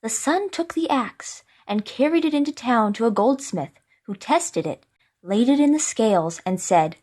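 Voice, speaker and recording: A woman reading a classic fairy tale aloud as narrator, clearly and expressively. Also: a little high, animated, normal speed, darkish tone. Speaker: storyteller. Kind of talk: storybook reading.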